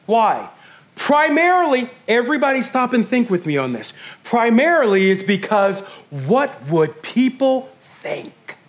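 A middle-aged man preaching a sermon as pastor, fast and intense, swinging from hushed whispers to loud bursts. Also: very high voice, very animated.

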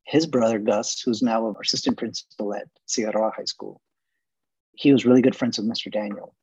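A man's voice: fairly low pitch, fairly even intonation, brisk, darkish tone, slightly rough, no echo, dull audio. A man in his forties from Texas, a guest casually telling long rambling stories with lots of fillers. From Laredo, Texas. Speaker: interview guest. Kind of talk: casual storytelling interview.

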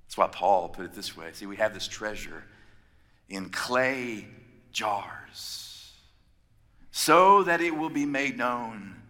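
A man preaching a sermon, emphatic, building his points with repeated phrases and pauses. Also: lowish voice, pushed and bright. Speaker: pastor. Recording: long reverb of a large hall.

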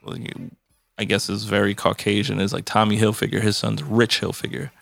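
A man's voice: lowish voice, completely flat delivery, moderate pace, gravelly, fairly bright tone, no echo. A man hosting a casual podcast chat, telling stories in a laid-back, jokey way. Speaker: podcast host.

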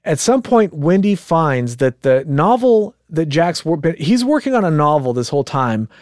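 A man co-hosting a casual podcast chat, telling a story in an animated way, swearing freely and acting out quotes. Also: a little high, moderate pace, no room sound, clean studio sound. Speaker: podcast co-host.

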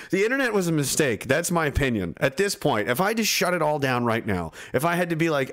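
A man's voice: fairly high pitch, very animated, a little fast, a bit bright. A man in his thirties hosting a casual livestream, reading chat and ranting in a sarcastic, mocking way. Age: 30s.

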